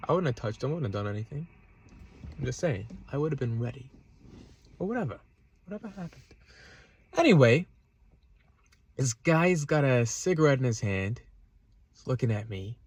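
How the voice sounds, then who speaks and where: A man's voice: medium pitch, expressive, brisk, darkish tone, breathy edge, dry recording. A man telling a road-rage story in a casual, agitated rant from his parked car, swearing and repeating himself. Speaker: vlogger. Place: parked car in a parking lot.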